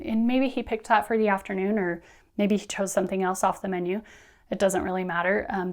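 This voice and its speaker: A woman teacher trainer giving friendly, brisk instructional talk, often acting out what students and teachers say. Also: mid-range voice. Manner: friendly, brisk, acts out classroom quotes.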